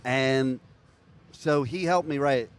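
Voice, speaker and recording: A man's voice: medium pitch, slow pace, clear, resonant tone. A man interviewing a musician at a music festival, telling stories in a chatty, playful way. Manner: chatty storyteller, laughs at own jokes. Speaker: radio interviewer.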